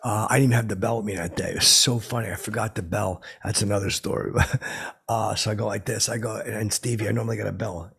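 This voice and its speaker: A man telling a long comedic story in a halting, boastful way, full of filler words and restarts. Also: on the low side, fairly even intonation, creaky, a bit bright, husky. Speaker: comedy character host. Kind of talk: rambling deadpan storytelling.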